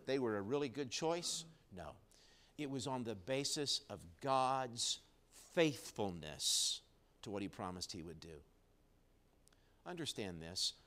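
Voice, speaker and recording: Male pastor, mid-pitched, live church sermon, shifts from hushed to booming emphasis. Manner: preaching with wide swings in loudness, low and quiet then rising strongly. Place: church sanctuary, recorded live.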